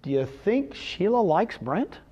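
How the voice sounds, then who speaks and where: A man presenting at a seminar in front of a live audience, his voice sitting a little high for a man. He talks in an animated way, firing questions at the audience and answering them himself. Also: measured pace, highs cut off, a little hiss or hum. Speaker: presenter at a real estate seminar. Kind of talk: motivational seminar talk.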